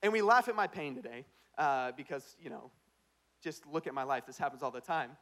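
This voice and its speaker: A young man preaching a sermon as pastor, telling a comic story with put-on voices and swinging between hushed asides and loud punchlines. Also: fairly high pitch, brisk.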